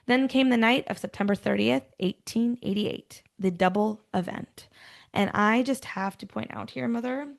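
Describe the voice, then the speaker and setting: A woman with a gravelly edge to her voice hosts a true-crime podcast. She reads dark storytelling passages and then drops into loose, chatty asides with her co-host. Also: a little high, moderate pace. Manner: switches between scripted storytelling and chatty asides. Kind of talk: casual true-crime chat mixed with read narration.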